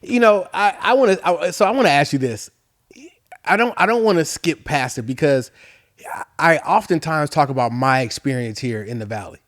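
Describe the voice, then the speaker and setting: Male podcast host, casual, encouraging, slightly raised pitch. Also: lively intonation, normal speed, a bit bright. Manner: encouraging with frequent affirmations. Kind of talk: casual interview chat.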